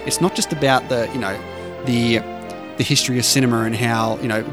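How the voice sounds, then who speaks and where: A man's voice: mid-range voice, fairly even intonation, fairly quick, over music. A man co-hosting a podcast who explains film scenes at length in a rambling, chatty way. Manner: explanatory, rambling, fond of trivia. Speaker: podcast co-host. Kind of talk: casual film discussion.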